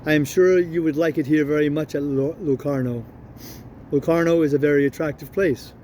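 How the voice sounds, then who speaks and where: A man reads an eager town official who presses his point slowly and stumbles as he insists. The tone is mellow and a little high. It is a storybook reading with faint street noise behind. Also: fairly even intonation, natural voice. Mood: insistent. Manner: insistent and slow, stumbling over words.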